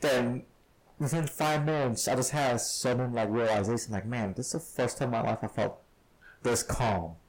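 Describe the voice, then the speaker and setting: A man's voice: medium pitch, steady tone, moderate pace, poor audio. A man co-hosting a podcast, telling stories in casual chat and laughing often as he talks. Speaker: podcast co-host.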